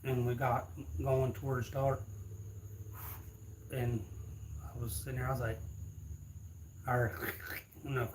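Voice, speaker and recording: A man's voice: mid-range voice, level tone, slow pace, long pauses, darkish tone, a little hiss or hum. A man, telling a rambling, laughing story casually to his viewers. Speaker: streamer.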